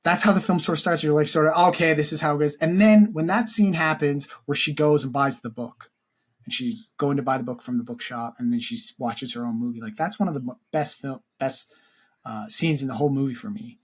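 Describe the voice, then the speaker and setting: A man with a slightly high, somewhat rough voice talks briskly as co-host of a film podcast. He's casual and earnest, rambling along with lots of "like" and frequent restarts.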